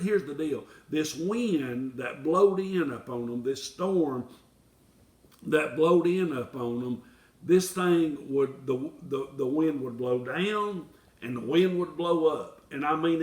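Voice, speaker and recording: A man is preaching a folksy sermon, and his voice sits a bit higher than most men's. He builds to impassioned appeals. He is heard from a distance in a roomy, echoing space. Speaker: pastor. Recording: echoey room, from far off.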